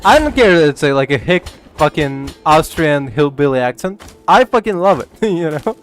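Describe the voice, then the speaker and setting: A male gaming streamer rambles through casual commentary, swearing freely and laughing often, with his sentences full of filler words. His voice sits a little high for a man. Faint game music plays underneath. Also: sing-song, moderate pace. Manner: rambling, profane, laughs a lot, many fillers.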